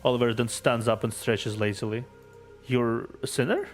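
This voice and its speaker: A man streaming a game reads its story aloud in steady, even narration, breaking off now and then for offhand asides. Soft game music plays faintly behind him. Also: mid-range voice, moderate pace.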